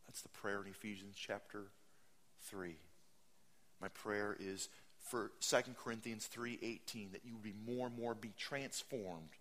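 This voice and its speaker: Bright-voiced animated male pastor. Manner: animated, mocking voices in high pitch, swings loud and soft. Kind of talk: sermon.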